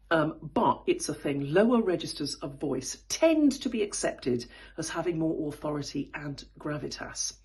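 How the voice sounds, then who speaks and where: A woman coaching public speaking in a husky, slightly breathy voice that sits fairly low for a woman. Her delivery is animated and swings widely in pitch. She talks through vocal technique in a thoughtful way and demonstrates high and low registers. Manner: thoughtful, with frequent fillers and restarts. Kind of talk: spoken voice lesson.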